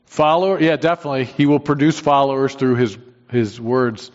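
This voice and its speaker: A man leads a Bible study, talking it through informally with frequent restarts and questions tossed to his listeners. His voice sits at an ordinary middle pitch. The recording is dull and lo-fi, with a long hall reverb trailing each phrase. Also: steady tone, fairly quick. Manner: thinks aloud with frequent restarts, asks the class questions. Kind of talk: conversational Bible teaching.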